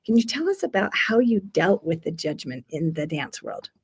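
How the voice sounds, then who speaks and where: A woman podcast host speaks over a video call. Her voice is slightly husky, and she repeats words as she starts her questions. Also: low-pitched, big pitch swings, moderate pace. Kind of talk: interview questions. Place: virtual event, video call.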